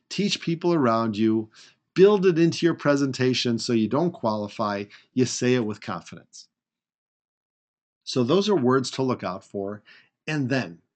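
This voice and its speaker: A man presenting a recorded public speaking webinar, coaching emphatically and acting out weak and strong ways to phrase things. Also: mid-range voice.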